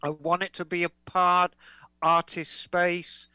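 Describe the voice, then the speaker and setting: A woman's voice: on the low side, flat delivery, slow pace, pushed and bright, clean tone, no echo, low-quality recording. A woman co-hosting a motorcycle podcast, reading listener letters aloud in a chatty, playful way. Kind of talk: casual podcast chat.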